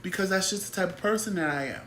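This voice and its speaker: A talk show host holds forth in a casual, blunt way, exasperated by people who take advantage. The voice sits at a middle pitch. The room is echoey, with a faint hum of noise underneath. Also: quick pace, fairly bright tone.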